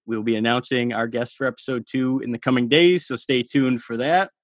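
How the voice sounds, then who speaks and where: A man's voice: mid-range voice, steady tone, brisk, dry recording. Upbeat male podcast host, dry sound. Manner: laughs easily, upbeat and chatty. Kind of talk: casual interview chat.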